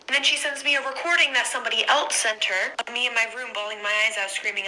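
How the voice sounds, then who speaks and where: A young woman tells a personal story in a quick, casual monologue. Her voice is very bright and crisp, and she rushes through the retelling with plenty of "like". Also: a little high, fairly even intonation, a little hiss or hum, poor audio. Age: young adult. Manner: rapid chatty retelling with frequent "like".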